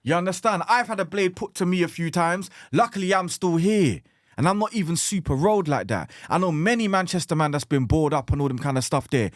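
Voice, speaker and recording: A man's voice: on the high side, expressive, fairly quick, no room sound, clean studio sound. A man, a podcast guest speaking fervently and with open emotion about violence. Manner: fervent, preachy, openly emotional. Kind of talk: impassioned podcast talk.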